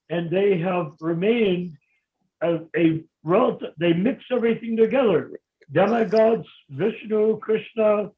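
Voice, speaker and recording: A man in a heated philosophical debate on a video call, insistent and interrupting as he lectures. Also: high-pitched. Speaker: discussion participant. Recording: tinny phone-like line.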